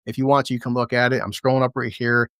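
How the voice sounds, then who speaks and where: A man's voice: medium pitch, little pitch movement, a bit bright, clean tone, no echo, clean studio sound. A man giving a crude, sarcastic casual review of a TV episode, sometimes slipping into mocking character voices. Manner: impersonates characters in quick asides. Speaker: TV show reviewer.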